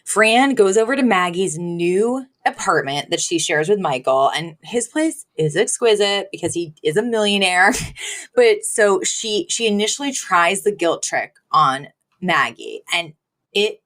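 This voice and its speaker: A woman co-hosting a podcast, recapping a sitcom episode in a lively, casual way. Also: mid-range voice. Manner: animated retelling with quick acted quotes and laughs. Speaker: podcast co-host.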